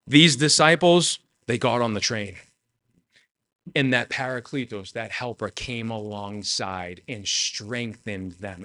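A man preaching a sermon with earnest, emotional delivery, swinging between raised storytelling and quiet emphasis. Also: mid-range voice. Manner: earnest, emotional, tearful at moments.

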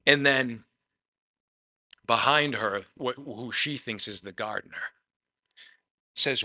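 Bright, dry-voiced male pastor preaching. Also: mid-range voice, slow pace, pauses often, dry recording. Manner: conversational preaching with acted-out quotes. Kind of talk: sermon.

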